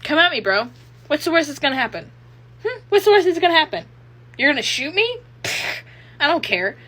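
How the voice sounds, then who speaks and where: A woman voicing a fed-up, reckless teenage boy hero student in a quick impression while retelling a story. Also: sits high, very animated, a bit bright, voice pushed up. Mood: defiant. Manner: defiant, exasperated.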